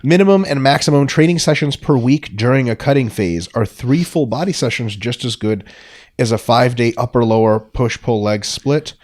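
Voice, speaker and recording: Male podcast host, casual chat, joking, swears a lot, mid pitch. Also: moderate pace, a little mellow. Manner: swearing, joking, explains at length.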